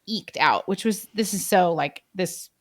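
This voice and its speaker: A woman's voice: fairly low pitch, unhurried. A woman in her late thirties co-hosting a podcast, chatting casually and candidly, swearing freely and poking fun at herself. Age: late 30s. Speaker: podcast co-host. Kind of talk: casual chat.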